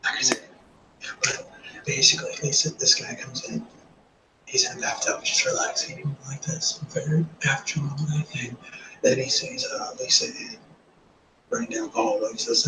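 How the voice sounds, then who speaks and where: A man's voice: mid-range voice, steady tone, normal speed, noisy background. A man co-hosting a podcast, retelling a scene at great length, often dropping into a half-whisper. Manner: long-winded storyteller, often half-whispering. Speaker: podcast co-host. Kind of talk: casual chat, retelling a scene.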